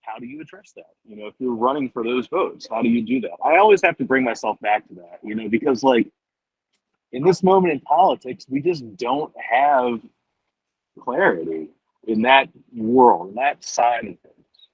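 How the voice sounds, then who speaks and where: A man who is a political journalist and biographer, answering at length in a rambling, animated way with many fillers and restarts. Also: medium pitch, normal speed, slightly rough, no room sound. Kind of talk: conversational interview answer. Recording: dull, muffled remote audio.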